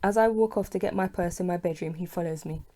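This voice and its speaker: Mellow-voiced woman reading her novel. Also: fairly low pitch, quick pace. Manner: plain, steady reading, dialogue voiced with mild feeling. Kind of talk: audiobook narration, first person.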